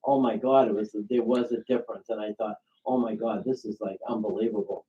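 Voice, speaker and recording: A man with a Boston accent co-hosts in casual chat, halting and telling anecdotes. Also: lowish voice, steady tone, narrow, tinny audio. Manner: halting, tells anecdotes with quoted voices. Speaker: show co-host.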